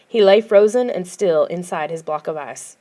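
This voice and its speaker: Woman audiobook reader, quiet, even storybook narration. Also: on the low side, normal speed.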